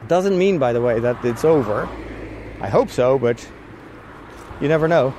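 A man's voice: medium pitch, lively intonation, a little slow, dark tone, slight background noise. A man talking casually on a walking vlog, rambling and chatty with frequent laughs, a little out of breath from walking outdoors. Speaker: vlogger. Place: outdoors on a walk.

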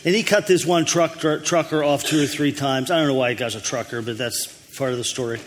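In a large church hall, a lead pastor with a mid-range voice and fairly even intonation tells folksy jokes to his congregation before the sermon. He speaks briskly and easily.

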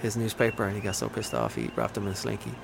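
A man's voice: fairly low pitch, very animated, fast talker, creaky, noisy background. A man hosting a casual movie chat, enthusiastic and rambling with lots of fillers.

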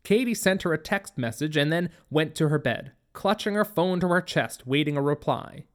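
A narrator telling a story as an audiobook, in a mid-range voice. The delivery is steady and plain, moving evenly through the scenes. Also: mid-range voice, moderate pace.

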